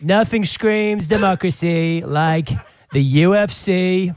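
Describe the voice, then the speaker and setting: A man's voice: sits high, slow pace, smooth, no room sound. A man doing a comic impression of a brash older American male president, speaking in a boastful, repetitive rally cadence.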